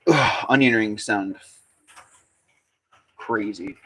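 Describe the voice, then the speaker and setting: A man's voice: lowish voice, very slow, bright, forceful tone. A young man making pottery on a livestream, chatting casually, joking and answering viewers' comments as he works.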